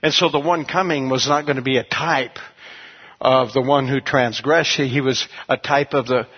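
A man's voice: medium pitch, fairly even intonation, normal speed, slightly rough, dull audio. A man preaching a sermon as a pastor, in a conversational, storytelling way.

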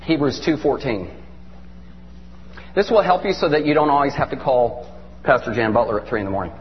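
A middle-aged man preaching a sermon with animated, emphatic storytelling. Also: mid-range voice, brisk. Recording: dull lo-fi recording in a reverberant hall with faint hum.

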